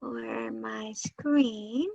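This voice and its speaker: On a video call, a woman leading a children's workshop guides kids through tapping and breathing exercises, encouraging them and repeating affirmations for them to echo back. Her voice is on the high side, extremely slow, gravelly, a little mellow, and breathy, with lo-fi sound.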